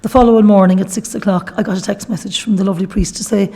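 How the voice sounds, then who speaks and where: A middle-aged Irish woman from Galway speaks with a gravelly, mellow voice. She tells her own story to a gathering in an earnest, chatty way. She often breaks off to give thanks to God. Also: mid-range voice, steady tone, fast. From Ireland. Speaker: guest speaker at a workshop. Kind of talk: personal testimony talk.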